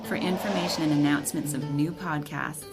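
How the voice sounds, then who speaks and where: Woman announcer with a low voice over loud guitar music, delivering a scripted sign-off. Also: steady tone, fairly quick. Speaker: podcast announcer. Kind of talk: scripted outro.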